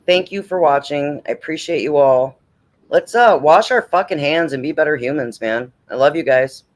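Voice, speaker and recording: A livestream host with a slightly high voice speaks in a loose, casual way late at night. Blunt and preachy, he swears freely, keeping a moderate pace.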